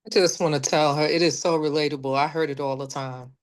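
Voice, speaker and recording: A woman from Brooklyn sharing a casual personal anecdote in an animated, chatty way. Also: low voice, fast. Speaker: participant.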